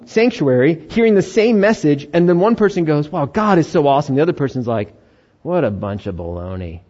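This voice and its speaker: Middle-aged male pastor, lively sermon delivery with acted-out voices; fairly high voice, dull lo-fi capture. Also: breathy edge. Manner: animated, acts out inner voices and God's lines.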